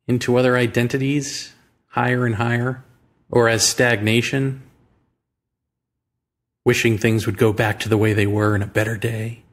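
A man's voice: mid-range voice, steady tone. An American man hosting a podcast, thinking aloud in a reflective monologue and asking rhetorical questions. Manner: musing, rhetorical questions, slow deliberate phrasing. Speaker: podcast host. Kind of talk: reflective monologue on politics and spirituality.

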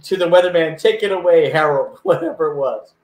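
An older man telling a lively anecdote in a casual chat, acting out other people's voices as he goes. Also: a little high, fairly quick, roomy sound. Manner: animated, acts out voices in anecdotes. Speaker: guest.

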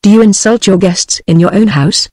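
A man's voice: high voice, normal speed, a little mellow, no echo, studio quality, lightly acted. Woman's synthetic voice reading a protective angry husband. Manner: abrupt, angry, demanding. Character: protective young husband, contemptuous and demanding.

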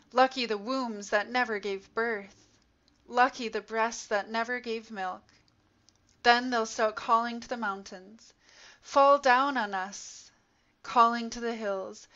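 A woman reading the words of a calm, grave man speaking with authority, slow and solemn. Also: a little high. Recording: dull lo-fi recording.

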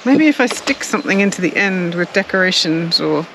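Out in a noisy garden, an Australian woman who co-hosts a gardening channel chats casually in a lowish, animated voice at a brisk clip. She laughs frequently and hunts for the right words.

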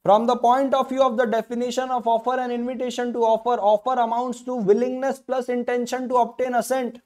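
Emphatic high-voiced Indian male law tutor. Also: level tone, brisk, a little mellow. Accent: Indian English. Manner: repetitive, emphatic, rhetorical questions. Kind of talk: online lecture.

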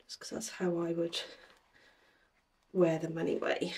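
A woman in her forties chatting casually at home as she reviews gifted trainers, friendly and relaxed, sometimes whispering or talking fondly to her pet. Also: lowish voice, a little slow, a little hiss or hum. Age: 40s. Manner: chatty and warm, fond baby-talk to her pet, drops to a whisper at times. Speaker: lifestyle vlogger. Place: at home, indoors.

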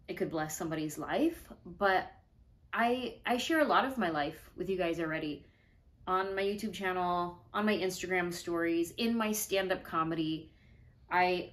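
A woman's voice: mid-range voice, fairly bright tone. Chatty, slightly breathless woman vlogger. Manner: chatty, earnest, rambling. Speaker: comedian and video host. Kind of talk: casual talk to camera.

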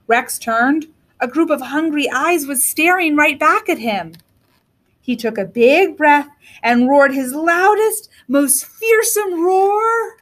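A woman kindergarten teacher reading a storybook aloud to young children. Her voice is high and animated. She makes the telling expressive.

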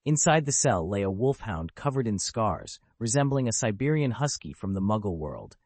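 A man's voice: lowish voice, big pitch swings, moderate pace, darkish tone, no room sound. A man narrating a web novel as an audiobook, telling the story steadily.

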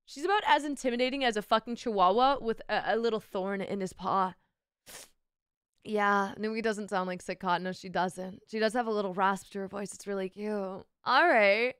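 Sick young woman streaming, teasing chat and swearing a lot, smooth voice, dry close mic. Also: mid-range voice, normal speed, fairly bright tone, dry recording. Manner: playful, teasing, swears freely. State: sick with a sore throat. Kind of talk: casual live-stream chat with viewers.

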